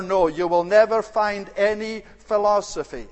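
A man with a high-pitched voice preaches a sermon. His delivery is earnest and deliberate, with occasional hesitant fillers. The sound carries a long reverb, like a church hall. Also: lively intonation.

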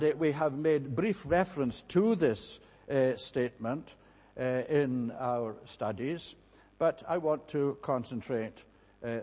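Emphatic preacher in a reverberant hall. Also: male voice, mid-range voice, a little mellow. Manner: measured, emphatic preaching with frequent "uh" pauses. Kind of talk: sermon.

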